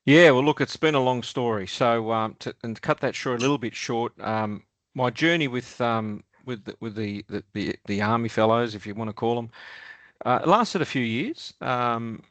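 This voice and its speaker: A man's voice: medium pitch, moderate pace, fairly bright tone, no room sound. An Australian man around sixty, a podcast guest telling stories in a loose, rambling way with lots of ums, restarts and chuckles. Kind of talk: casual storytelling interview.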